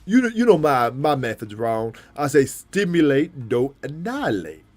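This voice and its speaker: A man doing an impression of a veteran male bodybuilding champion, drawing his words out slowly in a raised, easygoing voice with repeated asides. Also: medium pitch, very animated, darkish tone, faint music behind. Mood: preachy.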